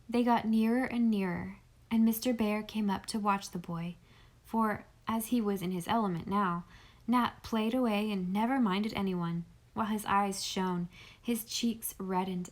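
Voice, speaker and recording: Woman, audiobook narrator, gentle even storytelling, scripted narration. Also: medium pitch.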